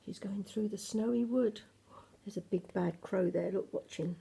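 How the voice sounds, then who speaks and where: A woman's voice: medium pitch, normal speed, vocal fry, very noisy. An older woman reading a picture book to her grandchildren at home, affectionate and asking them questions about the pictures. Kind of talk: bedtime storybook read-aloud.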